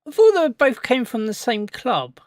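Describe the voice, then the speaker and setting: A man's voice: very high-pitched, sing-song, moderate pace, no echo, studio quality. A man hosting a live football watch-along, rambling casually and chatting back to his viewers.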